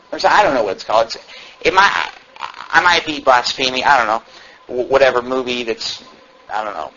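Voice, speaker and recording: A man preaching a sermon to his church, swinging from low asides to loud, fervent calls. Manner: shouts and climbs high when fervent, mocking asides. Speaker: pastor. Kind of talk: fiery sermon. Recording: dull low-fidelity church recording, faint hiss.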